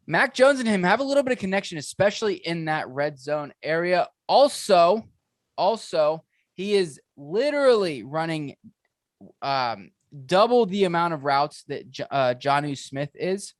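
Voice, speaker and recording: He is a man chatting casually about fantasy football picks, his voice sitting fairly high. He is excitable and rambling, with plenty of restarts and fillers. The sound is dry, with no room around it. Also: no echo. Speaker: fantasy football podcast co-host. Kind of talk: casual sports analysis chat.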